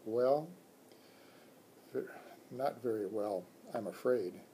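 A man's voice: fairly low pitch, takes it slowly, dark tone, slight background noise. A man voicing a discouraged young male substitute teacher in a children's book read-aloud, talking in a weary, earnest way.

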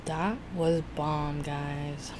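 Woman mukbang host, low voice, unhurried chat, faint hiss. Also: flat delivery. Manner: chatty, laughs often, self-conscious about talking fast. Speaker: food vlogger host.

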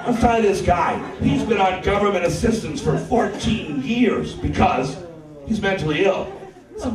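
Crude deadpan comedian in an echoey club. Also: male voice, high voice, normal speed. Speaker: stand-up comedian. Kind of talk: stand-up comedy routine. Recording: live club set from a distance, echoey, audience.

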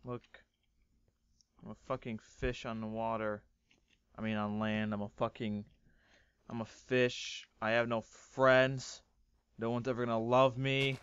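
A young man doing loud, profane, melodramatic commentary over a game he is playing. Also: mid-range voice, steady tone, a little slow, long pauses, clear, resonant tone, no echo, highs cut off. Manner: loud, swearing, melodramatic outbursts. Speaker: gaming YouTuber. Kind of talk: Let's Play commentary.

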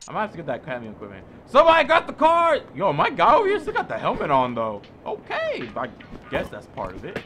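Hyped gaming commentator, man, shouts at his crowd, music playing. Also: high-pitched, quick pace. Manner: excitable, yells orders at his mob. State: out of breath. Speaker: gaming YouTuber. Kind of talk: casual let's play commentary. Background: game music.

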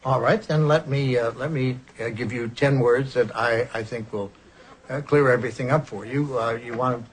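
A man's voice: mid-range voice, normal speed, slight background noise, natural voice. An actor playing a blunt, impatient male therapist who stammers and snaps orders, in a played TV sketch clip with audience laughter. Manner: stammering, deadpan, snapping orders.

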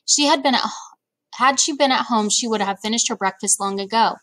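A woman reads a children's book aloud in a steady, unhurried way. Her voice sits a little high for a woman. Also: no room sound. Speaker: reader.

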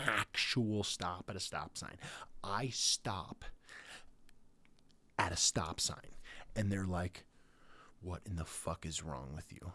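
A man in his thirties hosting his podcast, talking in a rambling casual monologue full of restarts. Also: lowish voice. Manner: rambling, with many restarts and stammered starts. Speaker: podcast host.

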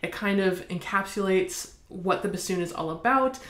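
American lady walking through a bassoon piece, friendly, counts out loud, roomy echo. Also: moderate pace. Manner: friendly, explanatory, counts beats aloud. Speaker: bassoon teacher. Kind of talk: instructional demonstration. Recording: echoey room.

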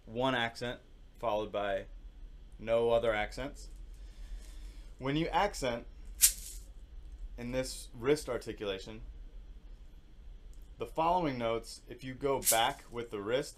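A man teaching percussion in a casual, relaxed way, thinking aloud and singing rhythms with syllables. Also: medium pitch. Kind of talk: casual instructional demonstration.

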